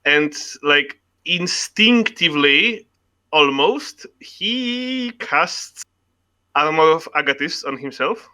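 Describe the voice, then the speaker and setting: A young man with a fairly high, very bright voice talks through his move in a tabletop game. He sounds flustered and keeps repeating himself. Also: lively intonation, takes it slowly. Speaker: player. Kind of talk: casual tabletop game chat.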